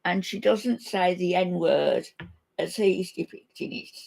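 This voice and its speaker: A woman's voice: lowish voice, slow pace, creaky, a little mellow. An older woman hosting a casual livestream, talking to her viewers in an indignant, scolding way. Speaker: livestream host.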